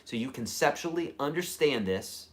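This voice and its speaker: A man teaching a live-streamed guitar lesson, chatty and energetic, with lively jumps in pitch and loudness. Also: moderate pace. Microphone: camera mic.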